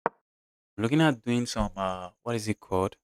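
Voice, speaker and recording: Nigerian man streaming chess, smooth voice. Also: fairly low pitch, lively intonation, moderate pace, no room sound. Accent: Nigerian English. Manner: chatty, talks through moves and reads chat aloud. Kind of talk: live chess stream commentary.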